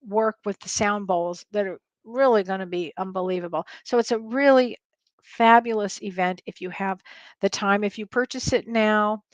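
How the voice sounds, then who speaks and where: A middle-aged woman hosting a live-stream Q&A as a spiritual medium, reading viewer comments and reassuring them with warm repetition. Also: medium pitch, normal speed, dry recording. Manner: warm, reassuring, repeats phrases for comfort.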